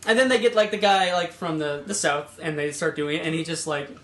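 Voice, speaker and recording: A man's voice: fairly high pitch, fairly quick, fairly bright tone. A man guest on a casual podcast, rambling and swearing, with lots of "like". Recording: echoey room with faint noise.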